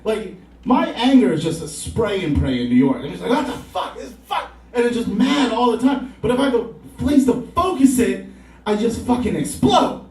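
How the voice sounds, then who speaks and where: A man's voice: high-pitched, big pitch swings, normal speed, darkish tone, slight background noise. A young man doing a rambling, profane, self-mocking stand-up comedy set on a club stage. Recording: roomy club sound from a distance.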